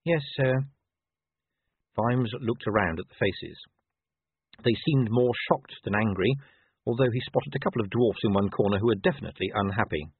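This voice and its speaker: A man narrating an audiobook in a measured, expressive way. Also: fairly low pitch, slightly rough, no echo. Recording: tinny phone-like dry sound.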